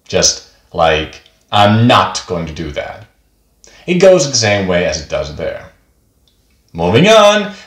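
A man teaching a beginner pronunciation lesson, speaking patiently and repeating each example word twice. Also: on the low side. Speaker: language teacher. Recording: echoey room.

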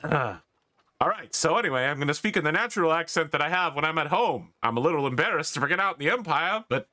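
Brief: man at a tabletop game, bright crisp voice, playful and jokey. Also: a little high, expressive, quick pace. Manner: joking, playful. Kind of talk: casual tabletop role-play chat.

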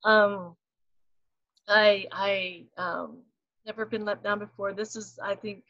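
Slow, hesitant woman in her forties. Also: medium pitch, flat delivery, a bit bright. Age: 40s. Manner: hesitant, many restarts. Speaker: course participant. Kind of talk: casual chat. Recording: muffled lo-fi audio.

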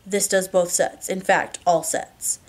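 Lady doing a low murmuring intense husband guy, hushed and bossy, storybook reading. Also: little pitch movement, measured pace, lightly acted. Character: intense commanding young husband, man.

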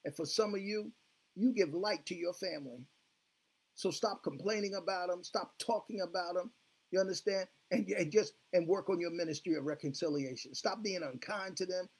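At normal speed, a pastor with a husky, high-sitting male voice preaches fervently. Call-and-response with the congregation punctuates his repeated "glory be to God, hallelujah."

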